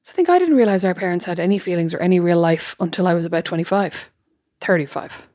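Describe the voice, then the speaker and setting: A woman co-hosting a podcast, talking in a quick, blunt, teasing way in casual chat. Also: lowish voice, darkish tone, dry recording, clean studio sound. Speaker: podcast co-host.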